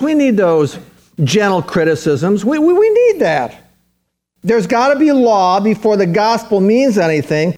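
Animated preaching man, slightly high voice. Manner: animated preaching, voicing biblical characters in quotes. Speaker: pastor. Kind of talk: sermon.

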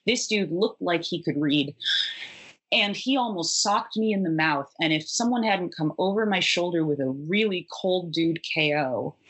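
A woman with a husky, slightly low voice tumbles through a wry, profanity-laced tale from her life in a punk band. She talks in a casual, conversational way with sharp, dry asides. Her delivery stays quick and tumbling throughout. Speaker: punk musician guest. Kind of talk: conversational storytelling.

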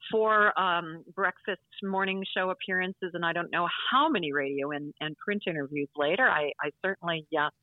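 Over a tinny, phone-like line with a dry sound, a Midwestern-accented guest from Wisconsin, USA, chats in a podcast interview. Her voice is on the low side, her pace moderate with hardly any pauses, and she often restarts while poking fun at herself.

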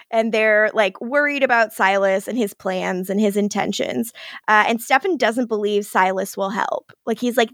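A woman's voice: mid-range voice, moderate pace, fairly bright tone, no room sound, studio quality. Giggly young woman recapping a show. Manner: chatty, giggly, acts out character quotes. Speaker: podcast host. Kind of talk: casual episode recap.

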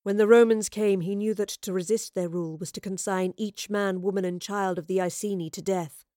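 A woman's voice: medium pitch, fairly even intonation, a little fast, warm tone, no echo, studio quality, lightly acted. A woman reading aloud and voicing a proud, fierce warrior queen who speaks in a stern, declaiming way. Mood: solemn.

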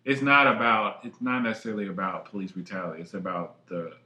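Low, bright-voiced man, slangy and emphatic. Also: fairly even intonation, quick pace. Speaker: podcast co-host. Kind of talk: casual chat. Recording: echoey room.

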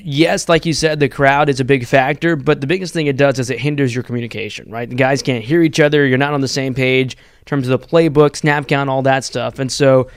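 A young man co-hosting a student sports podcast, giving steady, thought-through football analysis in long run-on points. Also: mid-range voice, a little fast, few pauses, clear, resonant tone, dry recording.

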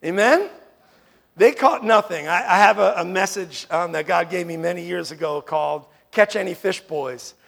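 Gravelly pastor preaching with emphatic swings. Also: male voice, high voice, moderate pace. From New York. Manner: emphatic, swings from loud to hushed, asks "Amen?" often. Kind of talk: sermon.

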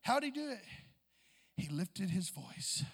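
A man preaching a sermon in an impassioned way, building toward near-shouts and calling out to the congregation. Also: high voice, sing-song, slow pace, creaky, slightly rough, big-room sound.

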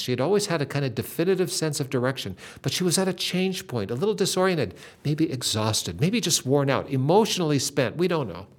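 An older man telling a faith story in an earnest, dramatic way, with lively shifts in emphasis. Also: a little high, a little fast, few pauses.

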